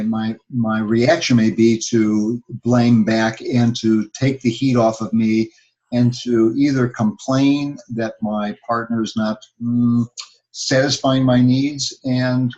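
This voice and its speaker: A man's voice: medium pitch, darkish tone, dull audio. A man who works as a couples counselor, talking things through thoughtfully with many fillers. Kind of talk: advice talk.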